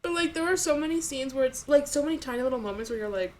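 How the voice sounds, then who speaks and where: A woman's voice: sits high, lively intonation, racing. A woman chatting frankly and animatedly about film clips. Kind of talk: casual chat about clips.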